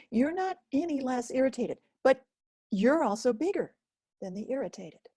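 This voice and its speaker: A woman teaching a guided self-help lesson, speaking gently and slowly with many pauses. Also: sits high, very animated, husky, no room sound, clean studio sound. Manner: gentle, slow and pausing, speaks as if to a listener. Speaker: focusing teacher.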